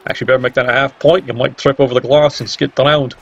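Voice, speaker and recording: A man's voice: mid-range voice, fast, creaky, hardly any pauses. A man commentating a video game match in a sarcastic, teasing way. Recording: dull lo-fi mic with faint hiss.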